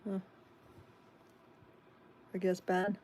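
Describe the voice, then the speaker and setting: A woman's voice: mid-range voice, completely flat delivery, extremely slow, darkish tone, a little hiss or hum. A woman with a Chicago accent hosting a tarot live stream, reading viewer comments aloud and chatting back casually.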